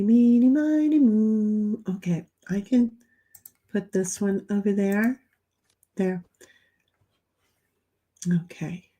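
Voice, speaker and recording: Woman on a game stream narrating her turns, laughs a bunch, slow and easy. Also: medium pitch, mellow. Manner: laughs a lot, talks through her moves and recaps chat. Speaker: livestream co-host. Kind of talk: casual chat while playing a card game.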